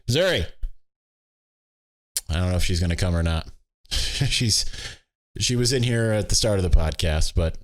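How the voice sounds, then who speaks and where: A young man with a lowish voice chats casually through listener questions on his sports podcast. He sounds offhand and easygoing, and he is talking from home. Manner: chatty, offhand, laughs at himself. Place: at home with his dog on his lap.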